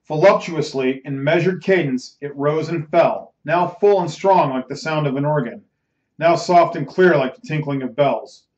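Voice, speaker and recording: Guy reading a bedtime novel aloud, measured and dramatic, muffled roomy sound. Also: a little high, darkish tone. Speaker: audiobook reader, host. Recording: roomy, slightly muffled recording.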